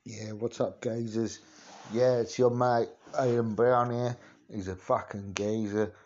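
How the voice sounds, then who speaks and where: A man's voice: fairly low pitch, little pitch movement, a little slow, darkish tone, dull audio, close to an everyday voice. A man hamming up a sweary cockney geezer. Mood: swaggering. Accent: Cockney, put on. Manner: rambling, sweary, full of filler phrases. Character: swaggering male cockney geezer, crude. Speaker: podcast host. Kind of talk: comic impression monologue.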